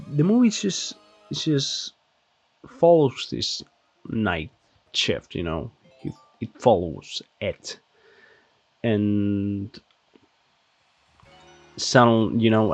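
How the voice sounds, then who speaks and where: A man's voice: on the low side, a little mellow, slightly rough. A man who says he is sick, rambling and swearing his way through casual commentary over gameplay, with many self-deprecating asides and restarts. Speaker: channel host reviewing a movie while playing a kart game.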